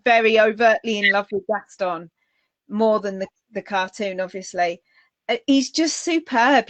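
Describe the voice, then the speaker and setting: A woman's voice: mid-range voice, moderate pace, no room sound. A woman with a Northern English accent co-hosting a casual chat, enthusiastic and eager to recommend things. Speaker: podcast co-host.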